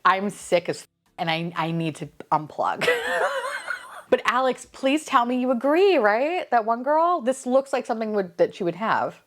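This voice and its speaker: With a fairly high voice at a moderate pace, a young woman excitedly talks through unboxing her collectibles, laughing frequently and cursing without hesitation.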